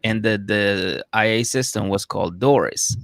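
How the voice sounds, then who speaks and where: A man's voice: lowish voice, moderate pace, creaky, no echo, studio quality. A man co-hosting a casual comedy podcast, telling stories and acting out quotes with loose swearing. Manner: animated storyteller, acts out quotes, swears. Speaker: podcast co-host.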